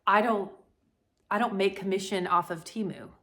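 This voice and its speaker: A woman's voice: mid-range voice, moderate pace, sharp tone. Middle-aged woman, home vlogger; blunt, folksy, chatty. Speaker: home decor YouTuber. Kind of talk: casual decorate-with-me vlog.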